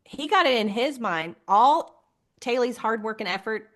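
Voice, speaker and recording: Podcast co-host, woman, 30s, lively storyteller who laughs often and acts out quotes. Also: on the high side, a little slow. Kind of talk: casual chat.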